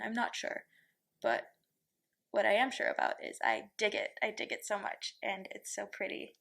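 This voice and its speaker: A woman chatting about her knitting, gushing and talking quickly in an excited way. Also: on the high side, creaky. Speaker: knitting podcaster. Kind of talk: casual chat.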